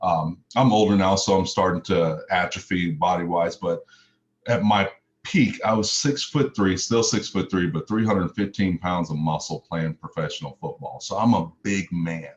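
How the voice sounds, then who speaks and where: A very deep-voiced middle-aged man tells his life story in earnest, piling up repeated phrases for emphasis. The audio is dull and lo-fi, like a video call, with faint hiss underneath. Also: normal speed. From Mississippi, US. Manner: earnest, repetitive lists with emphatic rises. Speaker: motivational speaker. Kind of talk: personal testimony talk.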